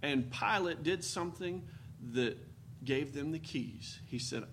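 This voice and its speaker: A man's voice: on the high side, expressive, unhurried, fairly bright tone. A man preaching a sermon in a folksy, storytelling manner with dramatic emphasis. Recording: faint background noise.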